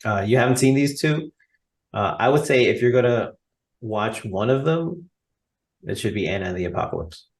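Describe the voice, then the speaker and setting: A man's voice: mid-range voice, expressive, normal speed. An American man co-hosting a podcast, talking casually and enthusiastically with plenty of fillers. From United States. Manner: chatty and enthusiastic, many fillers. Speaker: podcast co-host. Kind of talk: casual chat.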